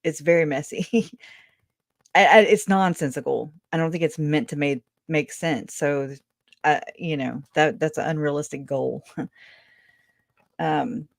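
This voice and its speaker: A woman's voice: deep voice, unhurried, gravelly, pauses often, no echo, studio quality. A woman hosting a call-in show, chatting casually, rambling and laughing often, trailing off mid-thought. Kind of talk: casual chat. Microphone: video call.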